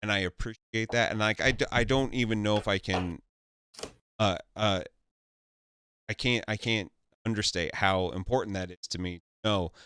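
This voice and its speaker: Brief: low-ish man, bright and crisp, dry close sound, stumbling interviewer. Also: no room sound. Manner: halting, gushes praise with fillers. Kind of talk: casual interview chat.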